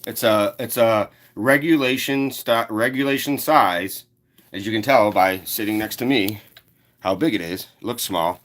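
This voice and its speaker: A man hosting his first casual woodworking livestream from a cluttered home office, talking in a halting, rambling way with lots of fillers. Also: lowish voice, fairly bright tone. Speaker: woodworking channel host.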